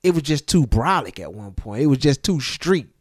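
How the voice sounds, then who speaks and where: A man with a mid-range voice talks on a podcast, recorded dry and close. He goes through his complaints one point at a time in an even, measured manner. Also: medium pitch, no echo. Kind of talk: casual chat.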